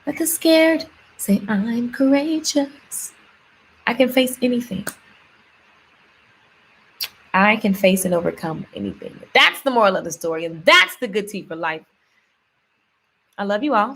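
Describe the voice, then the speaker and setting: A woman's voice: medium pitch, fairly bright tone, a little hiss or hum. Upbeat chatty woman vlogging. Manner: upbeat, chatty, repeats words for emphasis. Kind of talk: casual motivational vlog with affirmations.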